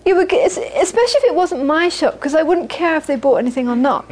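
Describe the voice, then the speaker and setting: A woman's voice: high-pitched, expressive, fast, darkish tone. A woman teaching a group in a casual, chatty, anecdotal way, often laughing as she talks. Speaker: meditation teacher. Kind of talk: casual spoken teaching talk.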